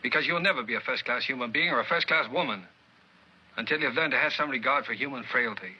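An actor with a Mid-Atlantic accent playing a stern man who lectures a proud woman, in 1940s film acting with measured, cutting reproach. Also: medium pitch, breathy edge, close to an everyday voice. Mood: reproachful. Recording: dull old film soundtrack.

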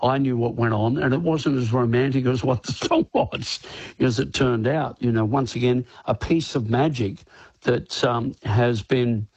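A man's voice: medium pitch, a little slow, darkish tone, breathy edge, dry recording. An older Australian man, a rock singer, rambling casually in a radio interview with many filler phrases and frequent laughter, on a studio microphone. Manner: rambling, many "you know"s, laughs often.

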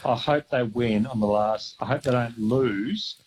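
A man's voice: medium pitch, unhurried, darkish tone, a little hiss or hum, rough recording. An easygoing man calling in to a radio quiz. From Australia. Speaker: radio caller. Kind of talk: casual phone-in chat.

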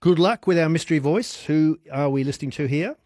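A man's voice: on the high side, brisk, darkish tone, no room sound, clean studio sound. A man hosting a radio phone-in quiz, chatty and upbeat, laughing easily with callers. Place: radio studio.

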